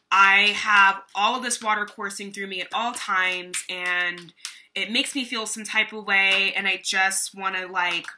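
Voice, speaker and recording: Chatty, bright-voiced woman reading tarot. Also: medium pitch, slight background noise. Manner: chatty, meandering, many fillers. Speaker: tarot reader. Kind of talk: casual tarot reading monologue.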